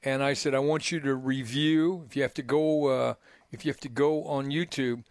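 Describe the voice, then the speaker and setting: A man's voice: medium pitch, steady tone, normal speed, a little mellow, no echo, studio quality. An older man hosting a sports radio show, telling long rambling anecdotes with many restarts and "right?" tags. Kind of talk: casual radio storytelling. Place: radio studio.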